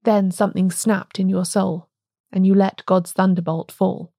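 Woman reading as a grave gentle priest. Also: high voice, little pitch movement, unhurried, creaky, dry recording, studio quality. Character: calm, gentle, wise middle-aged male priest. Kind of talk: audiobook reading.

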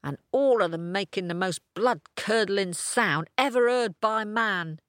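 A woman's voice: medium pitch, unhurried, a bit bright, no echo, studio quality, close to an everyday voice. A woman voicing a panicked male robber in a storybook tale. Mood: horrified. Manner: dramatic, shrieking when quoting the witch. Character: panicked man, the fourth robber.

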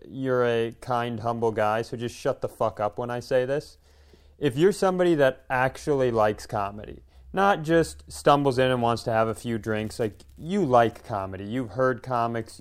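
Smooth-voiced man giving heartfelt praise. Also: mid-range voice. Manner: earnest praise laced with crude jokes. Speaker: podcast co-host. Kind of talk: casual comedy podcast chat.

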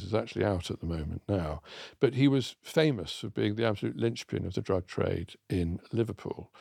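A man speaking as a guest in a studio radio discussion, explaining with lively enthusiasm and emphatic stress. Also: lowish voice, vocal fry, husky, dry recording. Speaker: guest expert on accents.

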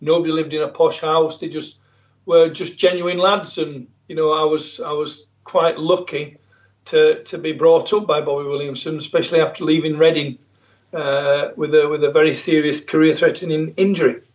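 A man's voice: fairly high pitch, flat delivery, normal speed, highs cut off. A man in his fifties with a South Yorkshire accent, a former footballer chatting as a podcast guest in a good-humoured, self-mocking way. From South Yorkshire, England. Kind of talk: casual interview chat.

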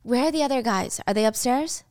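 A young woman voicing a worried male high school student, speaking anxiously in questions. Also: brisk, a little mellow, no echo, clean studio sound, close to an everyday voice.

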